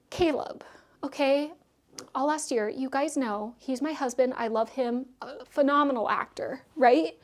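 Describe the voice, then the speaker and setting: Chatty excitable woman, book vlogger. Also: high-pitched. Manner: chatty, excitable, lots of fillers and asides. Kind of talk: casual book review chat.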